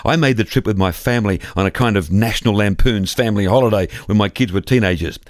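A middle-aged man reading a scripted devotional, telling a story in a measured, reflective way. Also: fairly low pitch, dry recording, clean studio sound. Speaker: devotional presenter.

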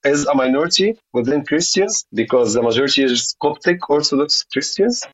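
A man's voice: a little high, animated, brisk. A man, a guest speaking hesitantly with many fillers and apologies over a video call. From Egypt. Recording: dull lo-fi online call audio.

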